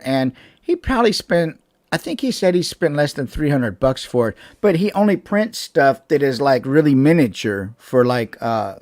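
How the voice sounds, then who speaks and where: A man's voice: medium pitch, a little mellow, dry recording, clean studio sound. A man hosting a casual live stream from home over a webcam, rambling with fillers and restarts and laughing often. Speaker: channel host chatting with live viewers.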